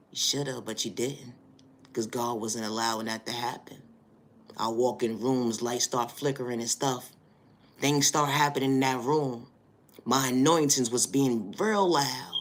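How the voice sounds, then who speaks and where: A man giving a preachy spiritual motivational monologue, repeating stock phrases and building to loud, emphatic bursts. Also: medium pitch. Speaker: spiritual reader.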